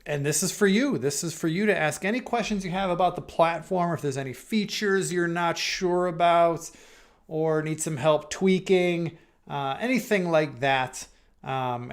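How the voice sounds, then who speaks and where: Man, fairly high voice, livestream Q&A host, casual chatty delivery, jokes, lots of hesitations. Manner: chatty and joking, with frequent hesitations. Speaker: stand-in host of a live software Q&A. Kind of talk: casual livestream chat and market commentary.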